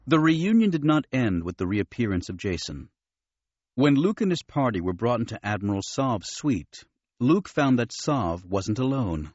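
A man reading an audiobook in an expressive narrating style. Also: mid-range voice, moderate pace, dry recording, dull audio. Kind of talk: scripted narration.

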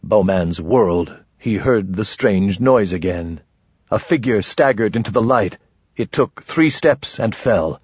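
A man narrating an audiobook in a measured, even storytelling manner. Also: on the low side, breathy edge, no echo. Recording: muffled dry lo-fi.

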